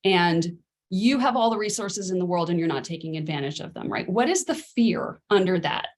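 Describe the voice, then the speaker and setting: Een vrouw die als ouderschapscoach een les geeft, in een gemoedelijke spreekstijl, en die zinnen van ouders en kinderen naspeelt. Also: female voice, lowish voice, animated, normal speed, a little hiss or hum. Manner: conversational, acts out parent and child quotes. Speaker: parenting coach. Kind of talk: spoken masterclass lesson.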